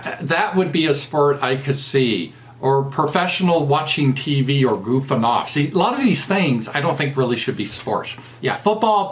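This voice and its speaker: A man's voice: fairly high pitch, a bit bright. A man with a Southern US accent doing a casual commentary monologue, mocking and crude, laughing at his own jokes. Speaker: political commentator.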